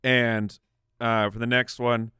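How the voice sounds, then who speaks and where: A man's voice: mid-range voice, flat delivery, slow pace, bright, forceful tone, clean tone, dry recording, studio quality. A man co-hosting a comedy podcast, chatting casually and hunting for words as he makes his picks. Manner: hesitant, searching for words. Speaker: podcast co-host.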